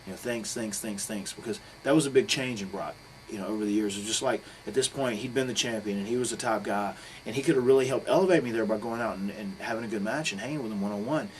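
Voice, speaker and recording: A middle-aged man telling a story in a casual interview, swearing freely and acting out quotes with sudden loud bursts. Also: fairly low pitch, quick pace, slight background noise, rough recording.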